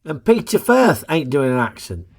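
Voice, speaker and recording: A man's voice: a little high, sing-song, normal speed, gravelly, slight background noise. A man, hosting a casual, jokey film review in a chatty, plain-spoken way.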